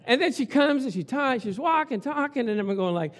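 High voiced guy pastor preaching, all over the place in pitch, storytelling sermon. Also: brisk. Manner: animated, storytelling with acted-out quotes.

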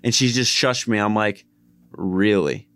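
A young man with a New Jersey accent, co-hosting a podcast, telling a story in an animated way with plenty of swearing. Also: fairly low pitch, a little fast, clean tone. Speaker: podcast co-host. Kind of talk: casual chat.

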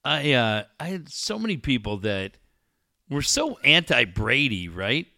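A man's voice: mid-range voice, measured pace, gravelly, no room sound, studio quality. A man co-hosting a casual sports talk show, telling stories and acting out quotes. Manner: animated storyteller, acts out quotes.

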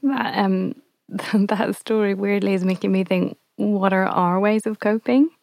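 A woman's voice: medium pitch, steady tone, a little slow, creaky, darkish tone, dry recording. A woman hosting a podcast interview, thoughtful and searching for her words as she asks questions. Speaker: podcast host. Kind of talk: casual interview chat.

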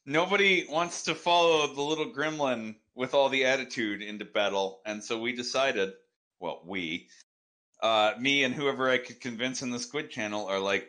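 A man's voice: mid-range voice, moderate pace, pushed and bright. A man as a podcast interview guest, answering in a dry, sarcastic way.

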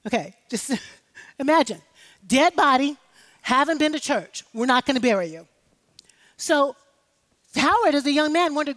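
A woman's voice: high-pitched, animated, normal speed, pauses often, fairly bright tone. A woman preaching an impassioned sermon, rallying the congregation with call-and-response. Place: church sanctuary. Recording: live hall with long reverb.

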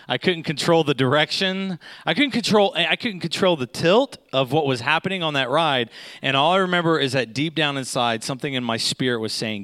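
A man's voice: medium pitch, expressive, normal speed, a bit bright, no echo. A middle-aged man telling a humorous personal story to an audience, often checking in with "okay?" and "right?".

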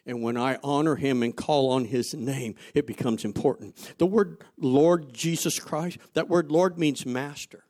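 A man preaching a sermon, asking the congregation rhetorical questions and telling stories from his own life, going from loud emphasis to quiet asides. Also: medium pitch, unhurried, hardly any pauses. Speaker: pastor.

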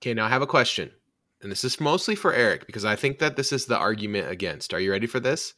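Bright-voiced man chatting about movies. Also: mid-range voice, fast talker. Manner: animated, frequent "like" fillers. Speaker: podcast co-host. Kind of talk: casual movie discussion.

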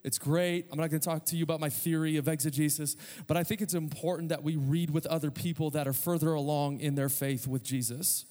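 A man preaching a sermon as pastor, animated and conversational, with humorous everyday comparisons and calls for the audience to respond. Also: fairly high pitch, fairly quick, hardly any pauses. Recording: long hall reverb with faint music.

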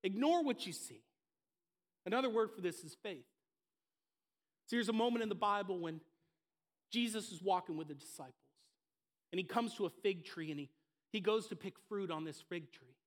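High-pitched impassioned male pastor. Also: normal speed, pauses often. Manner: building to impassioned, emphatic repetition. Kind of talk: sermon. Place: church service.

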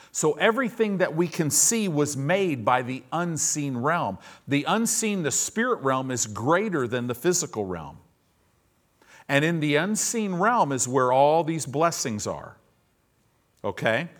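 Male pastor, sermon delivery; slow, deliberate pace, very expressive pitch, humorous asides. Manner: animated preaching with humorous asides; reads scripture aloud and explains it.

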